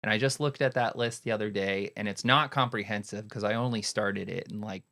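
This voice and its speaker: A man in a casual podcast interview, explaining his work as a head cider maker in a relaxed, rambling way with many fillers. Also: lowish voice, fairly quick.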